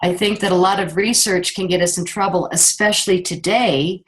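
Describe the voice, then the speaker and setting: A woman's voice: fairly low pitch, moderate pace, rough recording. A middle-aged woman filmmaker telling a personal story in an interview, acting out what others said. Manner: animated storyteller, acts out quotes of others.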